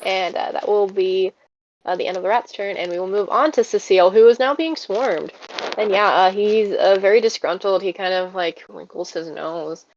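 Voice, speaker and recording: A woman narrating a tabletop game as game master, relaxed and halting with many fillers. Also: mid-range voice, dull audio, a little hiss or hum.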